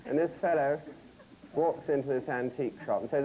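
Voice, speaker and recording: Wry, teasing TV cooking host. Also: male voice, medium pitch, animated, a little fast, background noise. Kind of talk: comic cooking show banter with studio audience. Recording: archival TV broadcast.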